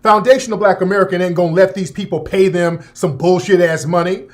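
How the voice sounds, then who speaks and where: A man's voice: sits high, a little fast. A man hosting a talk radio show, delivering a profane, opinionated monologue with laughter and mocking asides. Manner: profane, animated, laughing, with mocking put-on voices.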